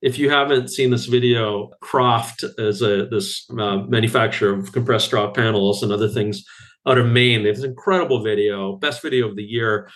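A man's voice: on the low side, normal speed. A man, an architect guest on a podcast, talking casually and acting out quotes from others with bursts of laughter. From Canada. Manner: animated storyteller, acts out quotes with laughs.

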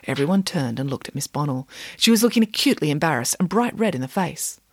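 Woman, audiobook narrator, measured, wry, animated pitch. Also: slight background noise.

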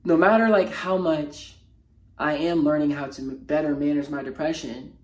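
Feeling low, a mental health motivational speaker records an unscripted personal vlog. He speaks haltingly, rawly and emotionally, with plenty of slangy fillers and restarts, in a steady, darkish tone.

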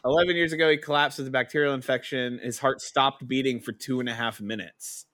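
A man co-hosts a podcast in a casual chat, telling stories animatedly and laughing a lot. His mid-range voice moves a little fast, and the recording is studio quality with no room sound.

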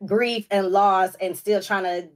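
A woman's voice: mid-range voice, steady tone, measured pace. A woman guest on a live stream, talking through tears and laughter with effusive thanks. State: crying. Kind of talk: emotional live stream chat.

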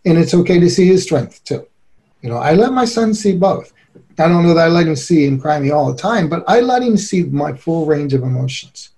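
A middle-aged man giving an earnest, animated interview as a relationship expert, often breaking into laughter. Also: fairly high pitch, brisk, creaky. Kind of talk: conversational interview.

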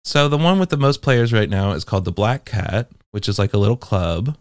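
A man's voice: fairly low pitch, expressive, a little fast, dry recording, clean studio sound. A man giving casual, wry and profane commentary as he explores social game worlds.

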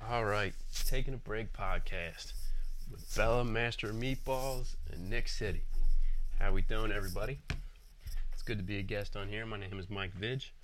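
Bright, joking young man from Philadelphia. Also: fairly low pitch, moderate pace, slight background noise. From Philadelphia, Pennsylvania. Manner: jokey, rambling, mock-indignant about food. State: a bit out of breath. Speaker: podcast guest. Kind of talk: casual monologue answering questions.

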